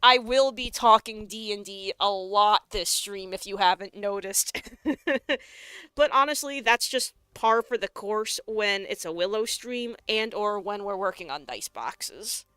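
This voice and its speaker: A young woman streamer with a bright, crisp voice chats in an unhurried way while she works on a craft, cussing cheerfully and breaking into laughs often. Her voice is close and dry, with faint music playing underneath. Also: mid-range voice, dry recording. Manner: chatty, profane, laughs often, reads chat aloud. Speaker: live streamer and tabletop game master.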